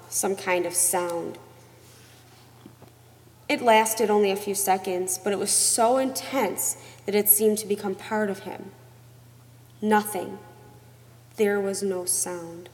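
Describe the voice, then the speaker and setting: A woman reading a novel aloud as narrator, in a measured, expressive storytelling manner. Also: medium pitch. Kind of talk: audiobook narration. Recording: long reverb.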